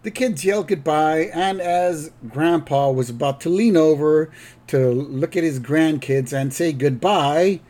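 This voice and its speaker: Slow, rambling man recapping an episode. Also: mid-range voice, a little mellow. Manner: slow, rambling retelling with fillers and self-corrections. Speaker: podcast host. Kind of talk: casual recap of a cartoon episode.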